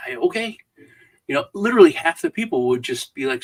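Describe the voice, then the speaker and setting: A man's voice: on the high side, big pitch swings, quick pace, a bit bright, low-quality recording. A middle-aged man co-hosting a casual livestream chat, rambling with restarts and trailing off as he tells anecdotes. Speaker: co-host.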